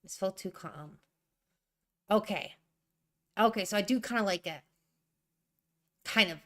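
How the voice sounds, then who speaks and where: A woman's voice: mid-range voice, a little slow. A young woman thinking aloud while she edits a draft, rereading her sentences and ranting in asides. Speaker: writer streaming a writing session.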